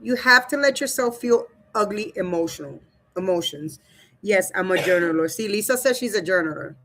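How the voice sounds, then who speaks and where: With a medium-pitched, fairly bright voice and lively intonation, a woman hosting a laid-back stream reads viewers' comments out loud at a moderate pace. She talks right to her chat in a blunt, loose style, swearing and laughing freely.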